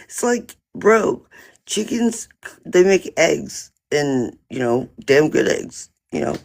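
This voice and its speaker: A man's voice: a little high, big pitch swings, takes it slowly, gravelly. A man on a phone live stream, rambling through an indignant, profane story about a neighbor in casual chat. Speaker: livestreamer.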